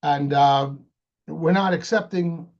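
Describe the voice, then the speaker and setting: Animated rabbi, man, high-pitched voice. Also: slow pace, highs cut off. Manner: animated, asks rhetorical questions, repeats words when restarting. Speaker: rabbi teaching Torah. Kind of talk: explanatory lecture.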